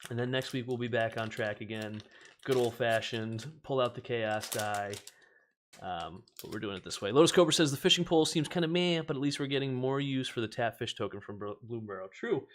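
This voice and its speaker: A man's voice: medium pitch, brisk, fairly bright tone, slight background noise. A man hosting a casual card-opening stream. He chats, laughs often and reads the card text aloud. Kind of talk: casual chat while opening card packs.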